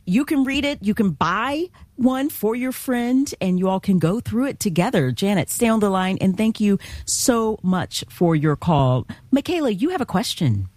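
Steady affirming woman radio host. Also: medium pitch, moderate pace, hardly any pauses, dry recording. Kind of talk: Christian call-in radio hosting.

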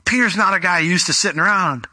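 A male pastor delivering a sermon in a relaxed, talky manner, slipping into voices for the people in his stories. His voice is very bright and a little high, recorded dry and close. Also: quick pace, no room sound. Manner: conversational storytelling preacher, acts out Bible characters in voices.

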